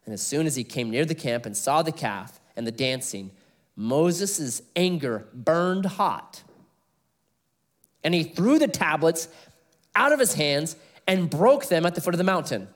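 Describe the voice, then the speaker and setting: A middle-aged man preaching an expository sermon, telling stories with animated delivery and laughing at his own jokes. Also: fairly high pitch, a little slow. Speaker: pastor.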